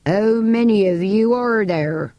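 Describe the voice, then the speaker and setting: A gruff, stern keeper, put on by a woman reading a storybook, talking slowly and warning. Heard from an old cassette tape, dry and close. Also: medium pitch, mellow, no echo, close to an everyday voice. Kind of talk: audiobook reading.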